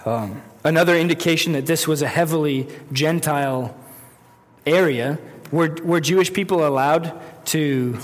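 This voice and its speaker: A man's voice: fairly high pitch, moderate pace. Man preaching in an echoing hall. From United States. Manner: conversational, with self-corrections and acted-out quotes. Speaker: pastor. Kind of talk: sermon. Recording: long reverb of a hall.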